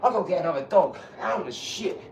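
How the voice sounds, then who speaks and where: A man talks casually on a live stream while he works out at boxing, rambling from one thought to the next and swearing freely. He sounds distant from the mic in an echoey room, with loud noise behind him. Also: high voice, lively intonation, fast, vocal fry. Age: 40s. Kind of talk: casual chat during a boxing workout. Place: home workout room.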